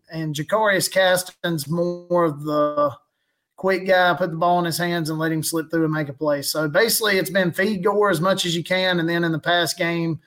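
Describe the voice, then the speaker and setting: A man's voice: sits high, fairly bright tone. A man, a guest chatting casually about his football team, rambling and chuckling as he tells stories. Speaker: guest fan podcaster. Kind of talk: casual chat.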